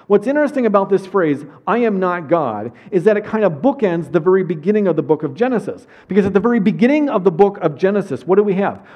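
A man preaching a conversational sermon as pastor, reading scripture verses aloud and then explaining them plainly. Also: high voice. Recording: dull lo-fi recording.

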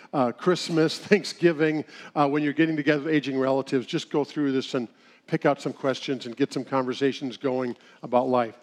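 A middle-aged man giving a humorous, sermon-style talk, telling folksy stories with chuckles. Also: mid-range voice. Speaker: speaker at a church seminar.

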